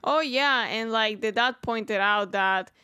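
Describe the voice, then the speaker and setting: A woman co-hosting a casual film review podcast, talking in an unhurried way with lots of hedging "likes". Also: fairly high pitch, sharp tone, clear, resonant tone, dry recording, clean studio sound. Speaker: podcast co-host.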